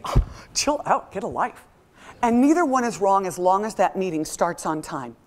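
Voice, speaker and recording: A middle-aged woman giving a motivational talk to a live audience, telling stories with lively acted-out voices. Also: medium pitch. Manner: animated storytelling, acts out quoted voices. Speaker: motivational speaker.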